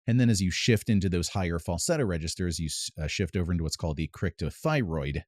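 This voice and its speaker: A man's voice: low voice, quick pace, dry recording. A man giving a casual singing lesson as a vocal coach, explaining technique in a pedantic way with short sung demonstrations. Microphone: close mic with added reverb at times.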